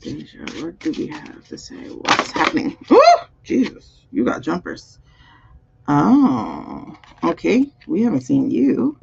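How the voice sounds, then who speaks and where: A woman's voice: low-pitched, wildly swooping pitch, slow pace, creaky, husky. A woman doing a live-streamed spiritual card reading, musing aloud over the cards and chatting with viewers. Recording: dull, muffled audio.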